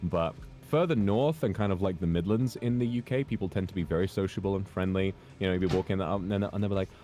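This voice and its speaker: A man's voice: low voice, fast, warm tone, faint music behind. A British man chatting as a guest, telling rambling anecdotes. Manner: rambling anecdotes with playful put-on voices. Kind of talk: casual chat.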